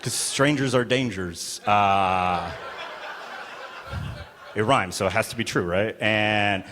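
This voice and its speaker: A man doing a stand-up comedy set, telling a story with animated delivery, laughing through his lines and acting out voices. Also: fairly low pitch, slow, noisy background.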